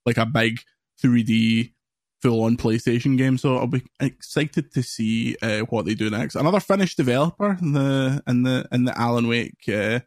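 A man's voice: mid-range voice, no room sound. Chatty male podcast host, dry sound. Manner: rambling, quick asides and jokes. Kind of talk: casual chat, reading news items.

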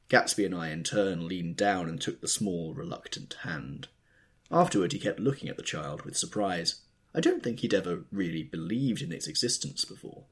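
A man narrating a novel in a measured, expressive way. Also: low voice. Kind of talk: audiobook narration.

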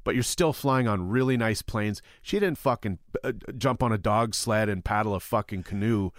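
A man holds forth on a podcast panel, heated and emphatic, and he swears freely as he makes his point. His voice sits on the low side. The sound is dry and close, with no room around it. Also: moderate pace, no echo. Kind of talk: heated opinion talk.

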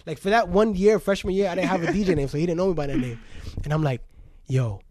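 Animated New York DJ telling stories. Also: male voice, sits high, fast talker, no echo, studio quality. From the Bronx, New York. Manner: animated storyteller, acting out quotes with laughter. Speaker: guest DJ. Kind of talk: casual storytelling interview.

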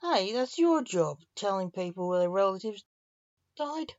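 A woman voicing a tactless male hospital orderly who talks bluntly and excitably, in a dull, dry, lo-fi recording. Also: high voice, a little slow, dry recording.

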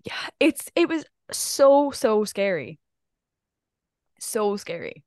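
A woman's voice: mid-range voice, big pitch swings, takes it slowly, a little mellow, no room sound, clean studio sound. A young adult woman, co-hosting a casual podcast and telling a story in a chatty way, acting out what people said. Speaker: podcast co-host. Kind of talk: casual chat.

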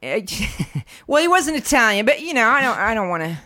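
American woman on a podcast, bright sharp voice, really animated storytelling. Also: fairly high pitch, fairly quick. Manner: animated, indignant storytelling with asides. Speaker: podcast co-host. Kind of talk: casual storytelling chat.

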